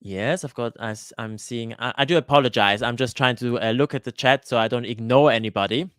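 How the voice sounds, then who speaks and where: A man hosting a live Q&A for his cooking channel, chatting casually and greeting viewers by name, often pausing with "uh" and restarting his sentences. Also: mid-range voice, fairly bright tone, smooth, no room sound, studio quality. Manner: hesitant, with frequent "uh" fillers and restarts. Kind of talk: live-stream Q&A chat. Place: lives in Switzerland.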